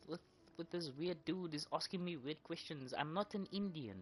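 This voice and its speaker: Streaming a game, a woman with a low voice talks at normal speed while joking profanely and ranting with mock indignation at the characters. Her casual commentary rambles, with repeated words.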